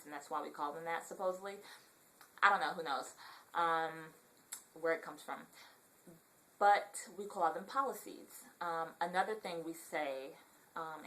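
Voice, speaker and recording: A young woman with a Southern Californian accent rambles casually in a vlog, using lots of ums. Her voice is low, congested and nasal. The recording is low quality.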